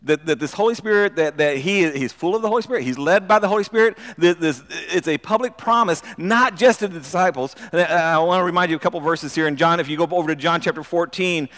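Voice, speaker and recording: A man's voice: a little high, fast, hardly any pauses, a bit bright. A man preaching a sermon in an earnest, questioning way, often repeating words as he goes. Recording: long hall reverb.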